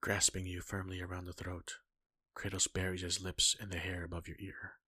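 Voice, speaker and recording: Low gravelly guy reading a story, husky and breathy, bright tone, dry close sound. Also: completely flat delivery, moderate pace, dry recording. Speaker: fan-fiction reader. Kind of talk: second-person story reading.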